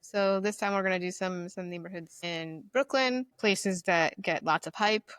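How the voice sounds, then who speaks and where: A woman's voice: on the low side, moderate pace, a bit bright, clear, resonant tone, no room sound, clean studio sound. A woman hosting a casual podcast, chatty and upbeat with lots of fillers. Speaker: podcast host.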